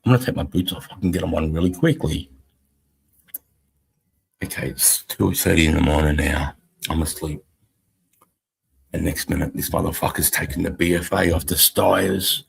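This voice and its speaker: Gravelly, very deep-voiced Australian man. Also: moderate pace, long pauses, poor audio. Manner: profane, blunt war-story telling. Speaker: host, army veteran. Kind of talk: casual storytelling on a live stream.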